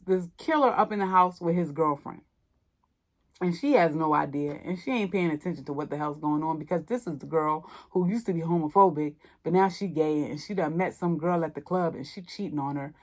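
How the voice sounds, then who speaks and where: A woman hosting a movie podcast, casually retelling a film's plot and acting out the characters' lines with lively commentary. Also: lowish voice, normal speed. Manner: animated storytelling, acts out characters' lines. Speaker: podcast host. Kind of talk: casual movie review monologue.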